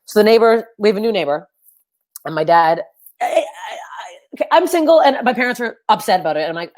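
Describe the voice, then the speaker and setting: A woman in her thirties performs stand-up into a webcam at home. She rambles and runs herself down, now and then jumping into loud, squeaky outbursts. Her nose is stuffed and sniffly. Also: expressive, fast talker. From Canada. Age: 30s. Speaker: stand-up comedian. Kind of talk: stand-up comedy on a video call. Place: her parents' house, indoors. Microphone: webcam on a video call.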